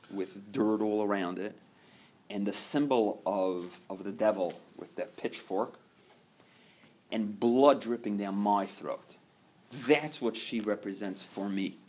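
A man with a somewhat low voice shares a personal testimony at a recovery group meeting. He speaks with passion, dropping to a hush and then rising loud, and acts out his own inner voices between many fillers. A faint hiss sits under his voice.

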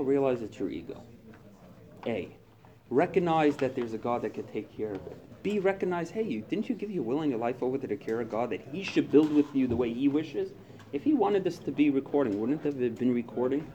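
A man speaking to a recovery group, animated, acting out his own inner voice and past phone calls. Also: fairly high pitch, fairly quick, slight background noise.

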